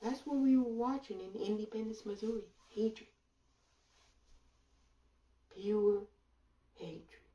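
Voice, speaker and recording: A woman commentator delivering a sarcastic monologue full of rhetorical questions and drawn-out pauses. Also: mid-range voice, warm tone, recorded from a distance. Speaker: online commentator. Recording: roomy echo, voice away from mic.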